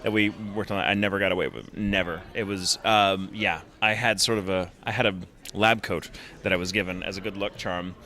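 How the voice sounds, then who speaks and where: A man's voice: low-pitched, steady tone, brisk, pushed and bright. A man being interviewed at a convention, talking in a playful, jokey and theatrical way. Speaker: voice actor guest. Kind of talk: convention interview, casual chat. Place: convention floor.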